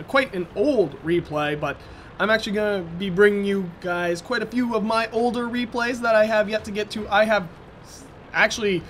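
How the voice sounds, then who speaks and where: A man's voice: sits high, a bit bright, a little hiss or hum. A man giving casual, rambling gameplay commentary, often correcting himself mid-sentence. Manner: rambling, self-correcting, chatty.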